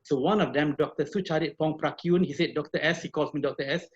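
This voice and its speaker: A middle-aged man from Malaysia, a professor telling a personal story in an animated way with many repeated words, heard over a video call. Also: fairly high pitch, fast, slightly rough. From Malaysia (Perak). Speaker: professor and guest speaker. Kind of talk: storytelling talk. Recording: dull lo-fi video call audio.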